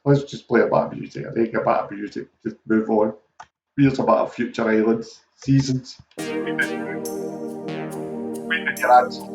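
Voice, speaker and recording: Hosting a quiz over livestream, this Scottish man wanders into self-deprecating digressions in a low, fairly even, slightly mellow voice at a fairly quick clip. Faint music plays behind him, and the sound is echoey, dull, and lo-fi with faint noise.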